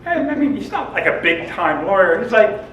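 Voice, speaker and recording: A seminar presenter gives a humorous talk to an audience, joking, telling stories and laughing often. His voice sits high with big pitch swings, a little fast and a bit bright. The mic is distant in an echoey room, with slight background noise.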